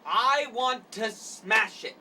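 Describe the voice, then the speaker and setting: A man playing a tabletop game, excitable and prone to shouting out his turns. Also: high-pitched, slow, recorded from a distance, slight background noise. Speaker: player. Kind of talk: casual game play.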